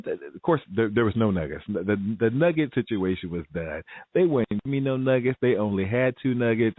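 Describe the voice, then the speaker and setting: A man telling a story in a casual vlog, animated and laughing often, jumping to a higher pitch to act out what people said. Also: dry recording. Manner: animated, laughs often, acts out quoted voices in a high pitch. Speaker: vlogger. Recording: dry, phone-like audio.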